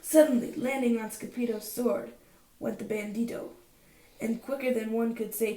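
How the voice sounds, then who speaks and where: A woman reading a children's picture book aloud at bedtime, in an expressive, sing-song way with playful voices. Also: on the high side, moderate pace, distant mic. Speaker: storybook reader. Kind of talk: bedtime story read-aloud. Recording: echoey home room.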